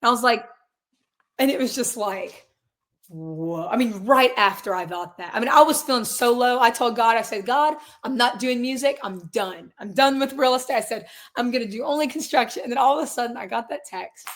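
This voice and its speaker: An earnest woman in her twenties, a guest in a relaxed interview. Her voice sits a little high for a woman. She rambles, circles back, and slips into quoted asides. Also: moderate pace. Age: 20s. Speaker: guest, singer and real estate agent. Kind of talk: casual conversational interview.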